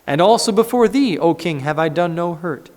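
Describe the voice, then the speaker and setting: A man preaching a sermon, voicing a humble devout prophet in a slow, solemn, measured way, in an echoey church. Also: on the high side, lively intonation, darkish tone, pitched above the performer's own voice, natural voice. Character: calm devout male prophet, steady and humble.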